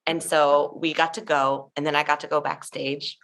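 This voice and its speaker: A woman's voice: low voice, moderate pace. Chatty woman telling stories with gushing energy. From Tennessee, USA. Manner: gushing, animated storyteller with many "like" fillers. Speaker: guest, show emcee. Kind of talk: casual interview chat.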